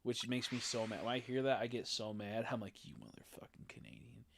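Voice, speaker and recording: A male game streamer with a mid-range voice, talking off the cuff as he plays. He rambles, swears freely and jumps into quick excited reactions. A faint hiss of noise sits under his voice. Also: mid-range voice. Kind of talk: casual live-stream commentary while playing.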